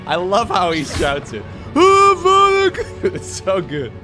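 A man's voice: on the high side, animated, very slow, a bit bright, faint music behind. A young man streaming games, chatty and sarcastic, who laughs often. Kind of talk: casual gameplay commentary.

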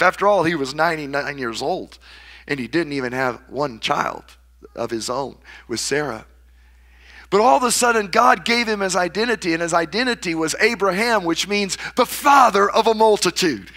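A man's voice: expressive, normal speed, pushed and bright. A man preaching a sermon, dramatically acting out the words of the people he quotes. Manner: dramatic, acts out quoted voices with big swings in pitch and volume. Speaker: pastor.

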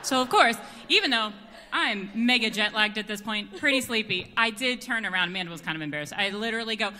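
A woman's voice: a little high, expressive, fast talker, sharp tone. An American woman singer telling a giggly, self-deprecating story between songs on a concert stage. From United States. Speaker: quartet bass singer. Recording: reverberant concert hall.

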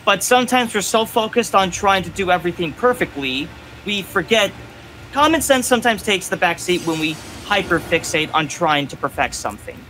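A man's voice: sits high, animated, normal speed, bright, forceful tone, a little hiss or hum, poor audio. A young man coaching his father through a video game, giving directions in an insistent, lecturing way. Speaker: son coaching his dad. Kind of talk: casual gaming coaching.

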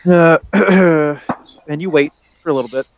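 A young man narrating as game master in a casual way, halting with many fillers. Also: on the high side, no echo, highs cut off.

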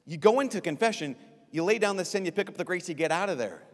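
A priest giving a lively, joking talk at a youth conference, acting out quick voices as he goes. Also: sits high. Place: large conference hall. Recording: long reverb of a large hall.

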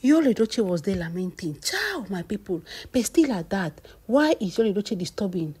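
A woman's voice: mid-range voice, very animated, moderate pace, a little mellow, husky. A woman with a Nigerian accent giving exclamatory celebrity gossip commentary and calling out to her viewers. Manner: exclamatory, addresses viewers as "my people". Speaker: gossip vlogger.

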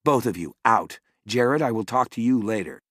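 For an audiobook, a man voices a stern, tired mother, raising his mid-range voice above its natural pitch. His delivery has big pitch swings, a moderate pace and a darkish tone, captured as a dry, clean studio recording.

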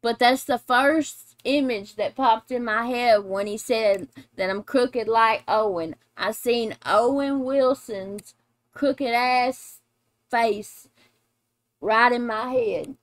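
A middle-aged mother hosting a casual reaction video, blunt and animated and quick to laugh. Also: fairly high pitch, no echo. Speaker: reaction channel host, mother.

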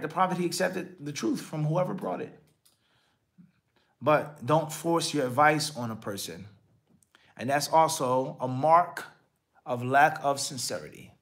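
A man's voice sitting a little higher than most men's, explaining religious points in a live question-and-answer lecture. He is emphatic, swings between loud stressed words and quieter asides, and keeps checking in with rhetorical questions while dropping Arabic terms into his explanations. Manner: emphatic, rises and drops in loudness. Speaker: Islamic scholar answering questions.

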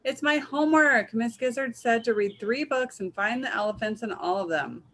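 A woman voicing an eager, stubborn little girl in a storybook, who talks in a bright, insistent, pleading way. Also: fairly high pitch, lively intonation, moderate pace, pitched above the performer's own voice.

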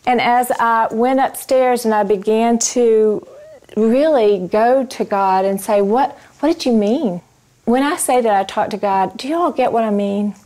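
Woman giving an expressive faith testimony. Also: a little high, measured pace. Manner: expressive storytelling, asks the audience questions. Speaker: Christian ministry speaker. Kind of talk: personal faith testimony to a live audience.

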